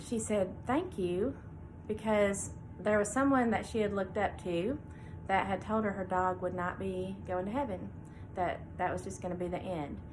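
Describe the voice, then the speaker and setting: A middle-aged woman speaks in an easy, conversational way, pausing on fillers as she shares a story and reads scripture aloud. Her voice sits at a middle pitch. A faint hiss of room noise lies under the recording. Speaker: veterinarian and show host. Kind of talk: casual devotional talk.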